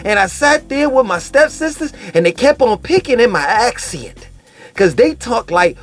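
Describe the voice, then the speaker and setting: A man vlogging a casual commentary rant, animated, profane and mocking in tone. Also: extremely high pitch, normal speed, faint music behind.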